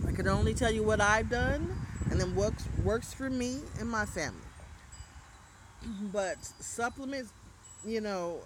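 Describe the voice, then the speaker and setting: A woman's voice: medium pitch, background noise. A woman hosting a casual livestream, reading viewer comments and giving spiritual advice in a loose, rambling way. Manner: chatty and loose, trailing off and restarting. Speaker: livestream host.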